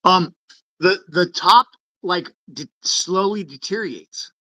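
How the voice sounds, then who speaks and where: A man in casual conversation, an animated storyteller who acts out the people in his stories. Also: sits high, slow pace, no echo, poor audio.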